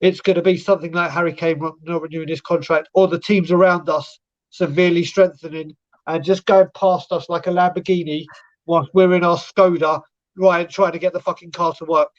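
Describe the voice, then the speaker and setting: Man, high voice, sarcastic rant, live fan stream, dull lo-fi sound. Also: fairly even intonation, fairly quick. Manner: sarcastic, ranting, swears. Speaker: co-host of a live football fan show.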